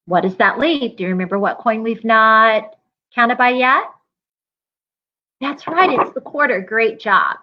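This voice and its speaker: Slow sing-song woman teacher. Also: a little high, highs cut off. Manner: slow, sing-song coin rhymes with call-and-response. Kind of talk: children's math lesson.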